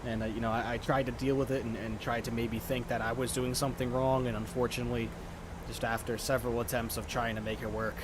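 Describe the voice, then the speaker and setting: A man's voice: medium pitch, fast talker. A man streaming a flight simulator, chatting casually and joking as he commentates live on the game. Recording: steady background noise.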